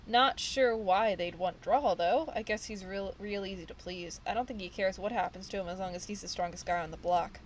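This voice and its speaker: Brief: woman reads nervous young male gang dropout, slangy, mid-pitched. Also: normal speed, hardly any pauses, a little hiss or hum, lightly acted, poor audio. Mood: scared. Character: frightened young male ex-gang member, street-talking. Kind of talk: reading game dialogue aloud.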